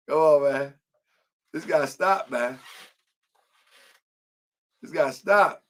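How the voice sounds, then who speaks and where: A man hosting an online show, reading aloud and reacting in casual slang with frequent laughter. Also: a little high.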